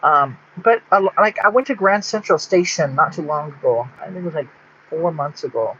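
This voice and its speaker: A man's voice: fairly high pitch, normal speed, bright, forceful tone, a little hiss or hum. A man from Texas rambling in a casual vlog monologue, full of restarts and fillers. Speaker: vlogger. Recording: dull lo-fi sound.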